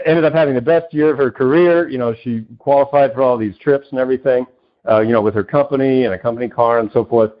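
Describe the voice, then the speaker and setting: Guy on a podcast telling coaching stories, animated, does little voices for people he quotes, slightly dull audio. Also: mid-range voice. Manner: loose, with many "you know" fillers. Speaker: podcast guest, success coach and author. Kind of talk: conversational interview storytelling.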